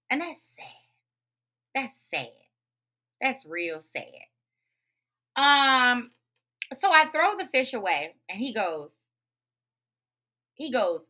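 A woman hosting a podcast, talking in a profane, emphatic, animated rant. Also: a little high, slow pace, long pauses. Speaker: podcast host. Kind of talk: casual ranting monologue.

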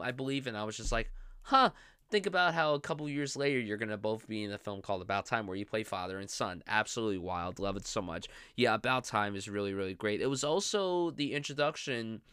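A man's voice: on the low side, fairly bright tone, smooth, no echo, clean studio sound. A young man hosting a film podcast, chatting casually and gushing with enthusiasm about movies he loves. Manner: gushing, enthusiastic, lots of "I love". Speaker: podcast host.

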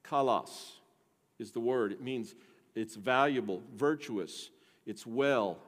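A man's voice: on the low side, takes it slowly. Man preaching in an echoing hall. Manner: earnest, asks the congregation direct questions. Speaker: pastor. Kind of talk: sermon. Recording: long echo of a large hall.

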